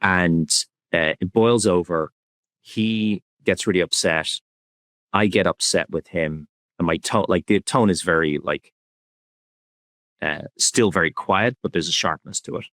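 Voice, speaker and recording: A man with a very deep, low voice speaks softly and a little slowly as a podcast guest, reflecting candidly in a conversational interview. The recording is close and dry, with no room sound or echo.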